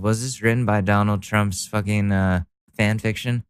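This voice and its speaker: A man's voice: fairly low pitch, steady tone, normal speed, few pauses, clear, resonant tone, no room sound. A man ranting sarcastically in commentary, exasperated and heavily profane as he mocks the posts he reads. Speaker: political commentary vlogger.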